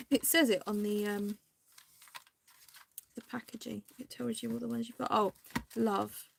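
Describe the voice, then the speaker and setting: A woman hosting a crafting video, chatting casually and indecisively to viewers, now and then dropping into soft half-whispered asides. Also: fairly high pitch, little pitch movement, measured pace, vocal fry, a little hiss or hum.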